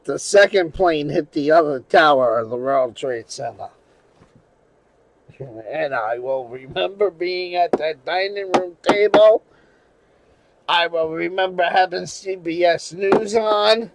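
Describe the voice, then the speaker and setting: Slow-talking man, high voice, dry sound. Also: noisy background. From New England. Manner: rambling with restarts and swearing. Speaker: channel host. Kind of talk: casual storytelling monologue.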